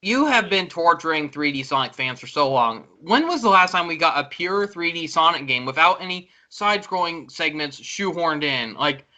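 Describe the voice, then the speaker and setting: A man with a vivid, bright and somewhat high voice talks casually about games. He rambles eagerly, filling his sentences with ums and likes. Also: lively intonation, normal speed, few pauses, low-quality recording. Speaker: video reviewer and co-host.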